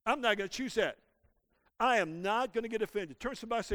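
In a church, a male pastor preaches with call-and-response, calling out to the congregation and having them repeat after him. His fairly bright voice sits high and is animated and quick, with no echo.

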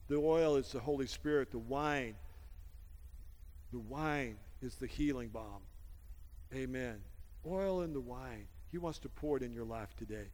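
During a church service, a man in the pastor's role delivers his sermon a little slowly in a medium-pitched, darkish voice. Amens and call-and-response run through his exhortation, and the audio has long hall reverb with music behind it.

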